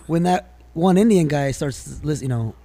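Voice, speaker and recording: A man's voice: a little high, lively intonation, moderate pace, mellow. A man co-hosting a podcast, teasing and sarcastic in casual crude banter. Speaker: podcast co-host.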